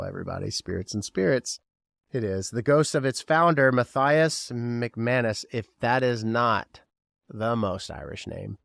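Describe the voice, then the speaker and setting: A man's voice: medium pitch, creaky, dry recording, clean studio sound. A man from Kentucky hosting a podcast alone, rambling and joking and firing questions at the listener. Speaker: podcast host. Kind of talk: casual solo podcast chat.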